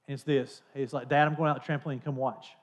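A man's voice: mid-range voice, little pitch movement, fast. A man in his thirties or forties preaching a sermon in a conversational, storytelling manner. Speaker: pastor.

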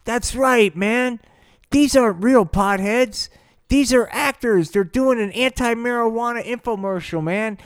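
A man's voice: extremely high pitch, unhurried, smooth, no echo, studio quality, voice pushed up. A man voicing an irritated male film crew member who scolds and explains, in an improvised comedy story.

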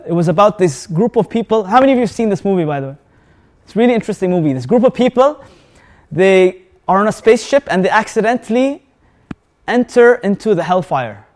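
A man with a high voice preaches a lively sermon to a live audience. He asks the audience questions and mixes Arabic words and recitation into his English. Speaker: Islamic preacher.

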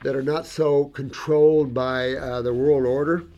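A man's voice: medium pitch, steady tone, unhurried, dark tone, dull audio. A man working as a natural health practitioner, talking casually and enthusiastically to his audience about client cases, rambling with asides and repetitions and calling viewers sweetie and honey. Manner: acts out dialogue in anecdotes. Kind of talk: casual talk to an online audience.

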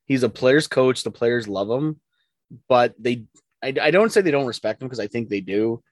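A man's voice: mid-range voice, expressive, normal speed, no echo. Podcast co-host, man, opinionated and joking, dry close sound. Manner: opinionated, joking, stumbling restarts. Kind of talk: casual sports chat.

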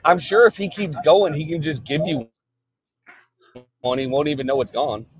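Hungover male caller, fairly high voice, cocky and teasing, riding in a car. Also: lively intonation, normal speed. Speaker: wrestling champion guest calling in. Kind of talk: casual call-in banter. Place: back of a car.

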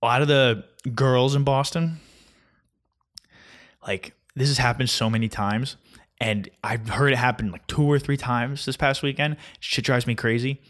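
Sarcastic and mocking, a New Jersey vlogger in his twenties complains casually about his weekend, his speech full of fillers. He talks unhurriedly in a medium-pitched, slightly bright voice.

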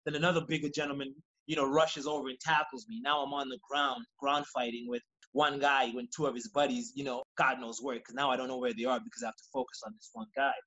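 A man, a podcast guest, telling a story in casual, profane, animated fashion and acting out what people said. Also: mid-range voice, rough recording. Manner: rapid, animated, profane, acts out quoted lines.

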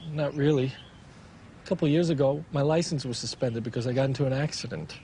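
A man's voice: mid-range voice, fairly even intonation, fairly quick, dark tone, slight background noise, natural voice. An actor playing a fretful, lonely middle-aged man. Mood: anxious, pleading. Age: 40s. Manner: pleading, fretful. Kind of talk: 1990s TV sitcom acting.

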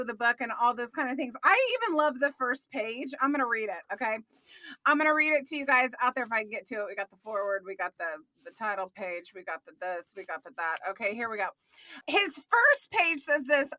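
A woman's voice: sits high, bright, forceful tone, dry recording, clean studio sound. A woman hosting a podcast, chatting with a guest in an upbeat, enthusiastic way and laughing often. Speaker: podcast host. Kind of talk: upbeat interview chat.

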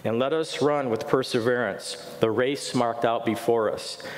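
A man's voice: mid-range voice, a little slow. A middle-aged man preaching a sermon in earnest, often putting questions to his congregation. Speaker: pastor. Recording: echoey hall with faint noise.

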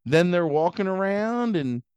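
A man's voice: high voice, a little slow, clean tone, dry recording, dull audio. Man rambling through a movie recap. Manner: rambling, animated storytelling with silly put-on voices. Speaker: podcast host. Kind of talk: casual movie recap chat.

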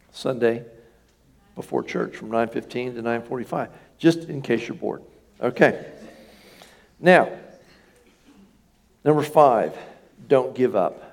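Gravelly-voiced male pastor preaching. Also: medium pitch, darkish tone. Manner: conversational preaching, asks the congregation questions. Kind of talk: sermon. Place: church sanctuary.

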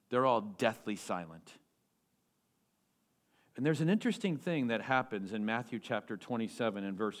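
A male pastor delivering a sermon in an animated way, using rhetorical questions and repeating key phrases for emphasis. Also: medium pitch.

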